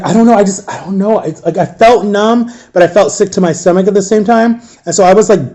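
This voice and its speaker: Shaken man with a mellow, halting voice. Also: sits high. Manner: halting, full of fillers and restarts; emotionally shaken, subdued. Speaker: storyteller recounting a personal ordeal. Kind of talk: candid personal account.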